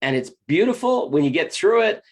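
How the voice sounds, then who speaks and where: A man giving an earnest, animated spiritual talk, often acting out quoted inner voices. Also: high-pitched, brisk. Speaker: spiritual teacher.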